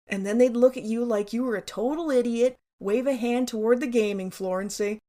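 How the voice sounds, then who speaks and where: A woman's voice: a little high, brisk, few pauses, warm tone. Wry, sarcastic woman telling her memoir. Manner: wry, sarcastic, candid with casual swearing. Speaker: memoir narrator. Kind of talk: personal memoir narration.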